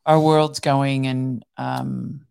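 A woman's voice: extremely low pitch, extremely slow, darkish tone, clean tone. A woman co-hosting a casual chat, playful and teasing, with frequent laughter. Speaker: podcast co-host.

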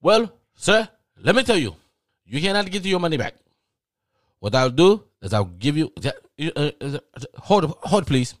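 A man's voice: fairly high pitch, very animated, unhurried, dry recording, clean studio sound, pitched above the performer's own voice. A man voicing a curt customer service phone agent in a put-on accent, clipped and impatient with the caller. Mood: dismissive.

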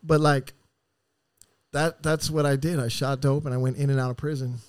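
A man's voice: medium pitch, steady tone, normal speed, clear, resonant tone, dry recording, clean studio sound. A man telling stories as a podcast guest in a casual, rambling way, with heavy swearing and streetwise slang. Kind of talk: casual storytelling.

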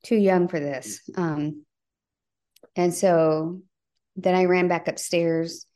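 A middle-aged woman with a slightly low-pitched voice speaks as a podcast guest. She tells her story in an earnest, halting way, restarting sentences and filling gaps with "you know" and "like.". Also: steady tone, warm tone. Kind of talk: conversational interview storytelling.

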